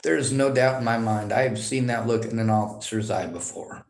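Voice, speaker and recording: A man's voice: medium pitch, brisk. Aggrieved man rambling over a phone. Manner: rambling, aggrieved, talks in long runs. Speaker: activist reporting on police. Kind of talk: casual phone conversation, livestreamed.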